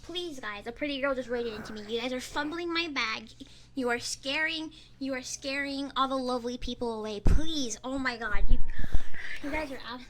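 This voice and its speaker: A young woman streaming from home and chatting with her viewers, her voice high and sharply bright. She is excitable and laughs often, cursing and pleading with the chat. She is recorded up close on a binaural microphone. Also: brisk, a little hiss or hum. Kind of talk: casual live-stream chat. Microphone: binaural ASMR microphone.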